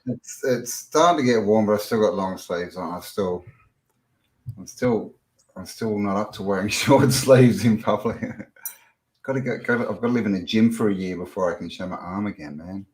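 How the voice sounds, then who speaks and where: Aussie guy hosting a chill livestream, lowish voice, jokey and laughy. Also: moderate pace, darkish tone, poor audio. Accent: Australian. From Australia. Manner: joking, laughs often, reads out viewer names. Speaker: livestream host. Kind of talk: casual chat.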